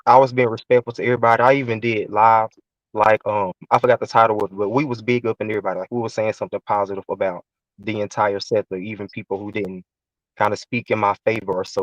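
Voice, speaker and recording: A man's voice: lowish voice, fairly even intonation, quick pace, dry recording, rough recording. A man talking as a guest on a casual live stream panel, explaining himself defensively.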